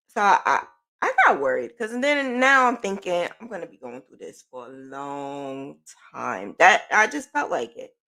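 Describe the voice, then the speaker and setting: Chatty middle-aged woman, lowish voice. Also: a bit bright. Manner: chatty, lots of "like" and "um", repeats herself. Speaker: podcast host. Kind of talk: casual personal storytelling.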